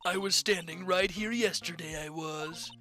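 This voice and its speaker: A man's voice: high-pitched, moderate pace, sharp tone. A man voicing a grumpy, nagging old woman who guards a studio gate, reading a game aloud. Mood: gossiping. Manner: nagging, scolding, rambling.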